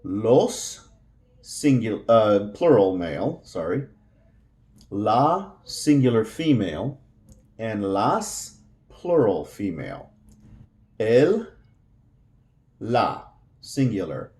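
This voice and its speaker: A man's voice: fairly low pitch, sing-song, takes it slowly, long pauses, darkish tone. A man teaching a Spanish lesson, explaining patiently with frequent fillers and repeating each word. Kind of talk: slow explanatory language lesson.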